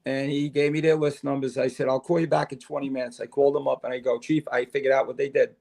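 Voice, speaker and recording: Older New man, gravelly, mid-pitched, animated storyteller. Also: fast. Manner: animated storyteller, acts out dialogue. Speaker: podcast guest, retired fire chief. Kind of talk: casual storytelling interview.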